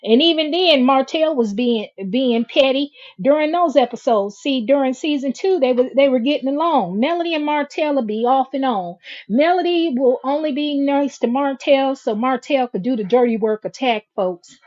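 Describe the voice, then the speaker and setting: A middle-aged woman with a high-pitched voice and a drawl hosts a casual home livestream. She chats with her viewers in a sassy, drawn-out manner. The audio is dull and lo-fi. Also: darkish tone. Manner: sassy, drawn-out and chatty, says "baby" and "y'all" a lot. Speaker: livestream host reading chat.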